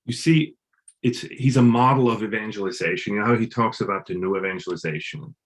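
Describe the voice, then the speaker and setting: A man from Switzerland, a guest in a casual interview, talking in halting bursts with many restarts. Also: fairly low pitch.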